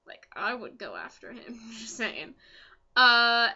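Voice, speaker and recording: A young woman vlogger chatting casually as an excitable fan, full of ums and asides. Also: fairly high pitch, takes it slowly, dull audio. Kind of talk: casual chat.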